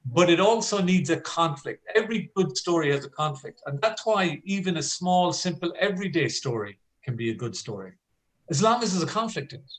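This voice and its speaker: Animated man telling stories over video call. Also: fairly high pitch, fairly quick, low-quality recording. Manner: animated storyteller, acts out scenes, restarts often. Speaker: storytelling coach and CEO. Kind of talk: conversational talk on a video call.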